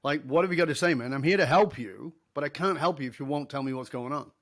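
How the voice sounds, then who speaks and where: Middle-aged man telling an animated story. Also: fairly high pitch, fast. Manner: animated storyteller acting out dialogue with laughs. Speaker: leadership speaker and author, podcast guest. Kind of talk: conversational storytelling.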